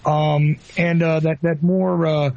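A man's voice: fairly high pitch, flat delivery, slow, gravelly, mellow, muffled recording. A man from New Jersey with a New Jersey accent, hosting an interview in a rambling, casual way full of fillers and restarts. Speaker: host.

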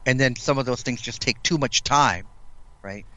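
A man from Canada talking in an easygoing, measured way in casual conversation, often ending his points with "right?". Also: mid-range voice, pushed and bright, highs cut off.

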